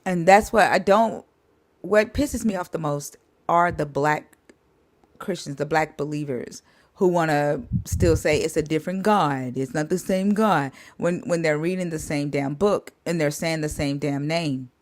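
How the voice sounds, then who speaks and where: Woman, low voice, live stream host, blunt, profane, emphatic. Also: a little slow. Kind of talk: casual chat.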